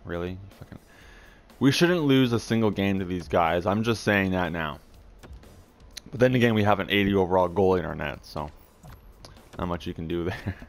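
A young man playing a hockey video game, muttering, swearing in frustration and yelling when excited. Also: deep voice, normal speed, pauses often, faint music behind. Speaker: gaming YouTuber. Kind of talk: casual gameplay commentary.

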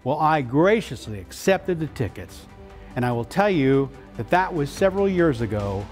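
Brief: male keynote speaker, high and very expressive, storytelling with dramatic pauses. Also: faint music behind. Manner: animated, with slow dramatic pauses on key words.

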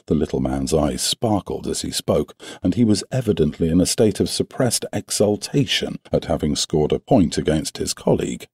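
Deep, husky male audiobook narrator. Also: lively intonation, moderate pace, hardly any pauses, a little mellow, no echo, studio quality. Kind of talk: scripted narration.

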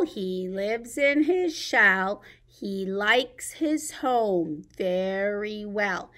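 A children's librarian reads picture books and turtle rhymes to babies in an animated, sing-song way. She has a mid-range voice.

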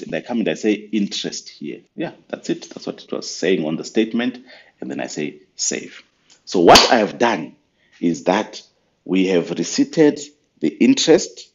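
Deep-voiced guy explaining software step by step, kinda dull lo-fi sound. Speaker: software trainer. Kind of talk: screen-recorded software tutorial.

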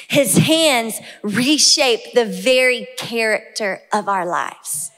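A woman pastor in her thirties with a Southern US accent, preaching an impassioned sermon that rises to shouts. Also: on the high side, lively intonation, slow pace, few pauses. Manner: impassioned, rising to shouts on key lines. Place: large church sanctuary. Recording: long hall reverb.

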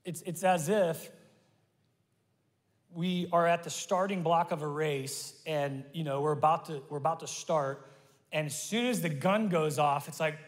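Male pastor, fairly high voice, earnest sermon, impassioned, reverb of a church hall. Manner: earnest, impassioned preaching with repeated restarts. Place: church sanctuary.

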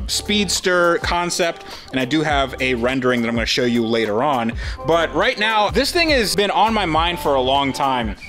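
A man in his thirties hosting a casual car-build video, animated and self-deprecating, with a sponsor read. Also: fairly high pitch. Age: 30s. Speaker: host.

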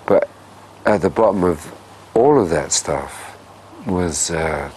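A man with a very deep voice speaks with very slow, halting reflection in a documentary interview. Faint room ambience sits behind him. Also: expressive, darkish tone, a little hiss or hum.

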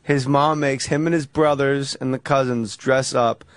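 A man on a radio talk show, telling a story and acting out the people in it with loud, excited voices. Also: mid-range voice, measured pace, clear, resonant tone, dry recording. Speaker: guest comedian.

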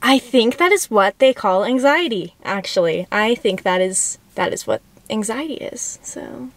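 A woman's voice: a little high, animated, a little slow, dry recording. A young woman vlogging casually to camera while running errands, rambling, frazzled and poking fun at herself. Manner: rambling, frazzled and self-mocking. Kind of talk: casual vlog chat to camera. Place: out and about, stores and car.

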